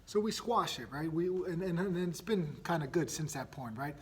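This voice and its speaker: A man in his thirties hosting a solo parenting podcast, telling stories in a casual, energetic way and often checking in with "right?". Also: a little high, normal speed, breathy edge. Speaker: podcast host.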